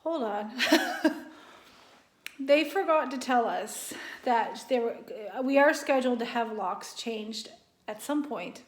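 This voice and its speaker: A woman's voice: a little high, expressive, slow pace, reverberant. A woman vlogging about her day in a casual, rambling way, often laughing. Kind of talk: casual vlog narration. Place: home kitchen.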